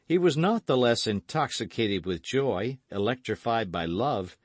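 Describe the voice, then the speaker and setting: Expressive male audiobook narrator. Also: mid-range voice, measured pace, dry recording. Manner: expressive, storytelling. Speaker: audiobook reader. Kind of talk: scripted narration.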